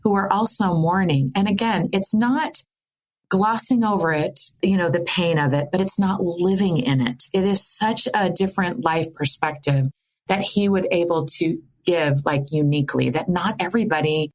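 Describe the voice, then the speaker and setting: Podcast guest, middle-aged woman, lowish pitch, frank and animated storyteller. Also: moderate pace. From American Midwest. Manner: candid, animated, laughs through sadness. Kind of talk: emotional personal storytelling.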